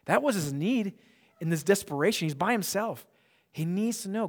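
Male pastor, middle-aged, sermon, slightly high voice, dramatic shifts from loud to hushed. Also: lively intonation, brisk. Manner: dynamic delivery, swinging between loud declarations and hushed near-whispers.

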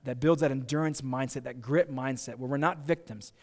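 A man's voice: mid-range voice, a little fast, darkish tone. A man with an American accent, preaching a sermon as pastor in an earnest, conversational way, often repeating words as he goes. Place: church sanctuary. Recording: long reverb of a church hall.

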